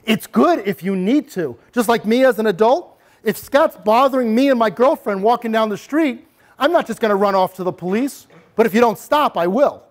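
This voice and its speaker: A middle-aged man with a high voice presents a workshop to a room of parents. He demonstrates calm, assertive ways of speaking and talks the audience through them step by step. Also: normal speed. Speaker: anti-bullying presenter.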